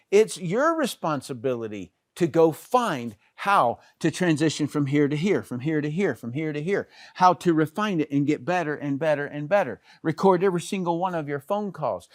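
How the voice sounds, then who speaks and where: A man's voice: on the high side, lively intonation, moderate pace, dry recording, studio quality. A middle-aged man giving a casual training talk on network marketing, chatty, with many fillers and restarts. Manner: conversational, many fillers and restarts, pointing with "here".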